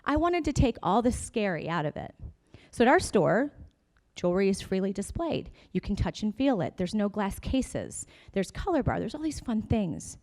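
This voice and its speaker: A woman's voice: mid-range voice, very animated, moderate pace, darkish tone. A woman in her forties giving a conference keynote, telling her story in a chatty way with sarcastic asides to the audience. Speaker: company founder giving a keynote. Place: conference stage before an audience.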